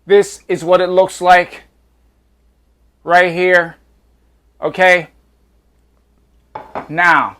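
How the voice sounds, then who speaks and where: Hyped, slow-talking vegan cooking host. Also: male voice, high-pitched, level tone, a bit bright, clear, resonant tone. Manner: hyped, drawn-out catchphrases, slangy. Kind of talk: enthusiastic cooking vlog. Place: home kitchen.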